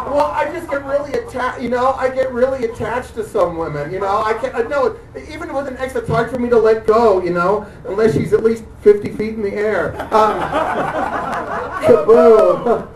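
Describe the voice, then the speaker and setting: A man doing dark stand-up comedy on a club stage, halting and hesitant, full of fillers and restarts, chuckling at his own jokes. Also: very high-pitched. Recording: echoey room, distant mic, audience noise.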